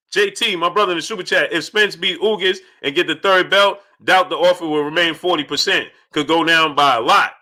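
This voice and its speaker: An animated male boxing talk show host reads out super chats during a livestream, repeatedly shouting out viewers. His voice is high and bright.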